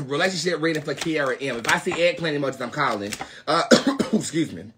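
A young Southern-accented man from North Carolina hosts a live tarot reading stream, addressing viewers with sassy profanity that swings between loud remarks and muttered asides. His voice sits a little high with lively intonation and a fairly quick pace. Heavy background noise fills the clip.

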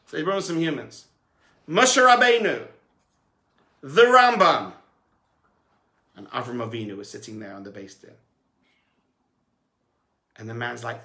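A male rabbi giving a sermon, telling a story with animated delivery that moves between hushed and emphatic. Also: mid-range voice, unhurried, long pauses.

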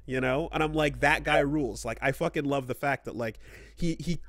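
A man's voice: mid-range voice, brisk, gravelly, fairly bright tone, dry recording. A man co-hosting a casual gaming podcast, rambling and swearing as he acts out quoted characters. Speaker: podcast co-host.

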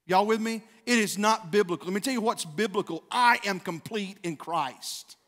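Man, pastor, lively sermon, echoing church sanctuary. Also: high voice, moderate pace. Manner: conversational preaching, acts out quotes with rising fervor. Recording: long church hall reverb.

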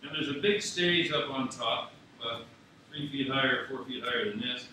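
A man's voice: medium pitch, normal speed, bright, forceful tone. A man from Scotland telling anecdotes at a memorial, chuckling often as he speaks. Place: university theatre. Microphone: distant mic. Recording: echoey theatre, far mic, audience noise.

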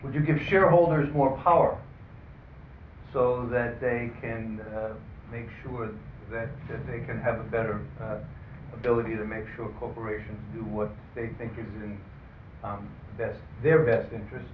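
A man moderating a panel discussion, who introduces the guests and runs an audience poll in a halting way, with many fillers and dry asides. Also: mid-range voice, fairly even intonation. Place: conference room. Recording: phone-like, roomy, distant, faint hiss.

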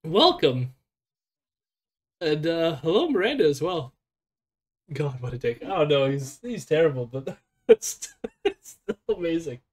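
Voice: mid-range voice, sing-song, measured pace, long pauses, a little mellow. A stream host chatting casually and reacting, rambling with lots of fillers. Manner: rambling, chatty, laughs often.

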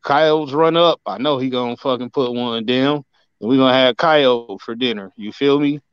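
Slangy profane man with a smooth voice. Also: mid-range voice, normal speed, no echo, muffled recording. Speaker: podcast guest. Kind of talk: casual chat.

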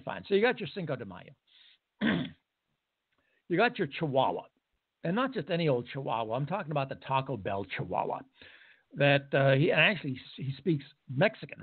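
Animated, high-pitched talk radio man. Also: breathy edge. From United States. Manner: animated, emphatic, sarcastic. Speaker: radio talk show host. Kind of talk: opinion monologue. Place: radio studio. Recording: phone-like narrow band.

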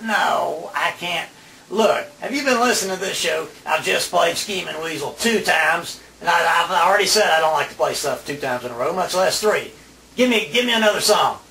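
A man's voice: a little high, expressive, moderate pace, gravelly, pushed and bright, reverberant, distant mic, slight background noise. Exasperated grumbling male radio DJ. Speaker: radio DJ in a comedy sketch. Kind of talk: comedic sketch monologue.

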